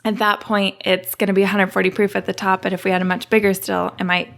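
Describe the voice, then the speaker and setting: A woman guest on a podcast, explaining how her distillery works in a relaxed, chatty way and laughing easily. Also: medium pitch, fast talker, vocal fry. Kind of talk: casual podcast interview.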